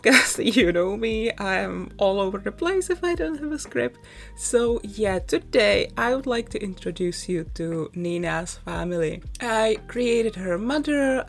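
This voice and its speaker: A young woman chatting through a voice-over, a little out of breath and quick to laugh as she rambles through a story. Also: mid-range voice. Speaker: YouTuber. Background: soft background music.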